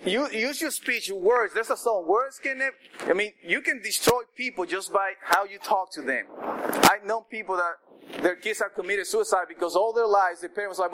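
A man preaching a sermon in a conversational, animated way, with asides to the congregation. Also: high voice, normal speed, noisy background.

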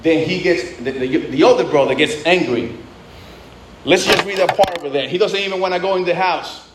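A man's voice: fairly high pitch, moderate pace, roomy sound, very noisy. A man preaching a sermon in a conversational way, often restarting and adding asides. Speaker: pastor.

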